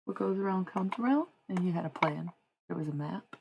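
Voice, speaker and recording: Young woman streamer, low voice, chatty and giggly, swears a bit. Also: lively intonation, a little fast, vocal fry, lo-fi sound, noisy background. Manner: chatty, laughs often, swears casually. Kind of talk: casual live-stream chat.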